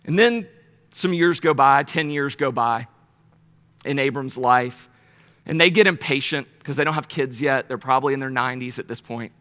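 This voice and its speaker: A man teaching a Bible study in a casual, conversational sermon style, telling the story with animated asides and playful paraphrased voices. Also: medium pitch, normal speed. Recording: long reverb of a hall.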